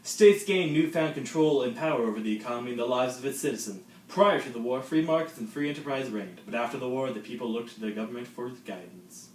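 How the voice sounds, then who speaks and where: A man's voice: mid-range voice, quick pace, hardly any pauses, far from the mic. A teenage boy presents a school history project with dry, joking asides. He sits back from the mic in an echoey room. Faint background noise runs underneath. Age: late teens. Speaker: student presenter.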